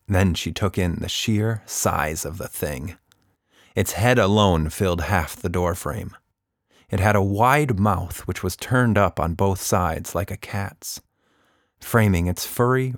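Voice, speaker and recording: Slow, expressive male storyteller. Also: low voice, no echo, studio quality. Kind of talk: scripted children's story narration.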